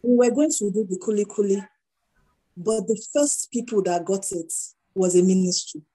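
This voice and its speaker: A middle-aged Nigerian entrepreneur, heard at mid-range pitch and normal speed on poor audio, is a guest in a conversational interview. She tells stories animatedly, acting out the dialogue within them.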